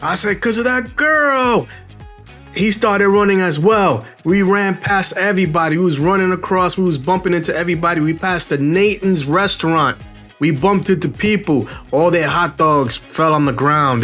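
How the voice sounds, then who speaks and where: Middle-aged New York man, high-voiced, casual and animated storyteller who acts out the people in his story. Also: normal speed, faint music behind. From the Bronx, New York.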